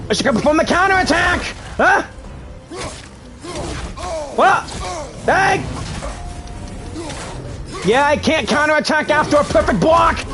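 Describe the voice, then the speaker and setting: A man giving live commentary as he plays a video game, yelling and reacting loudly. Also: very high-pitched. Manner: loud excitable yelling at the game. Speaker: gaming streamer. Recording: game music behind the voice.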